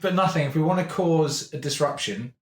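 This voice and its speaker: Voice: mid-range voice, fairly quick, echoey room. A player chatting playfully and laughing often during a tabletop game. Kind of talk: casual game chat.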